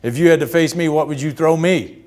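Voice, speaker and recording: A man imitating a gruff, boastful older male baseball legend in a booming, teasing voice. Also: fast, close to an everyday voice.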